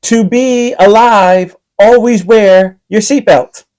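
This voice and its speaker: A podcast host playing a deadpan flight attendant giving an absurd safety talk in a mock-cheerful voice. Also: mid-range voice, slow pace, pitched above the performer's own voice, lightly acted.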